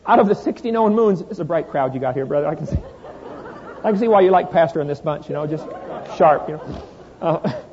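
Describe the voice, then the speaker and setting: A man giving an animated, joking talk to an audience and quoting both sides of a conversation. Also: sits high, slight background noise. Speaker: guest speaker. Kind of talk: humorous storytelling talk to an audience. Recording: dull, lo-fi recording with long hall reverb.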